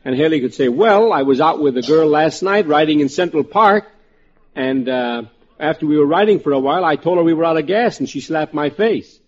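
High-voiced man pitching sketch ideas. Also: expressive, brisk. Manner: hesitant with many fillers, chuckling. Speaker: comedy writer panelist. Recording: muffled old radio broadcast, audience behind.

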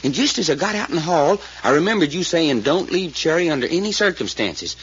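A man's voice: a little high, animated, fairly quick, a bit bright, husky. A folksy drawling country man called Doc. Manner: drawling, rustic grammar, anxious retelling. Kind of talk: 1940s radio acting. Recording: muffled old radio recording with faint hiss.

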